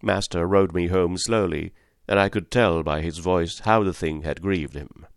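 Deep-voiced male audiobook narrator. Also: steady tone, a little slow, creaky, no room sound, clean studio sound. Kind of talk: scripted narration.

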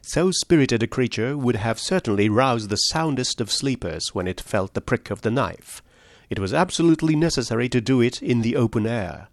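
A man reading a story aloud, voicing a shrewd male detective who lays out his deductions in a measured, precise way. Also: mid-range voice, lively intonation, no echo, lightly acted. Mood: explaining.

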